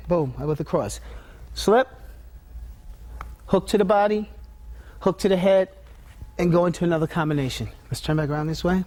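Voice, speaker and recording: High-pitched guy teaching muay thai moves, calling out drills step by step. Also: darkish tone. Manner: calls out drill commands and step-by-step cues. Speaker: martial arts instructor. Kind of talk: instructional demonstration.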